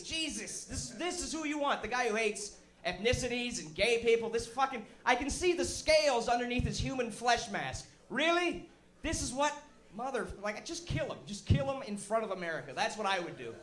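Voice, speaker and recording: High, bright-voiced ranting comic. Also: male voice, moderate pace. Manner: crude, ranting, animated. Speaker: comedian host. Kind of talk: profane stand-up rant. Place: live show venue. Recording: echoey live room.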